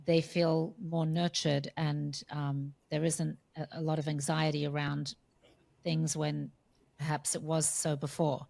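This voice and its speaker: A woman's voice: low-pitched, flat delivery, measured pace, gravelly, darkish tone. A woman co-hosting a podcast, asking a guest a long question and feeling her way through it hesitantly. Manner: searching, hesitant phrasing. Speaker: podcast co-host. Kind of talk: interview questions.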